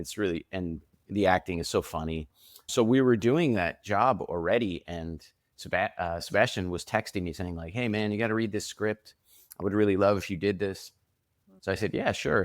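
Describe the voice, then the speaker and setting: A man's voice: sits low, no echo, studio quality. A man who designs prosthetic makeup, chatting casually in an interview and telling stories with acted-out quotes. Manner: animated storyteller, acts out quotes.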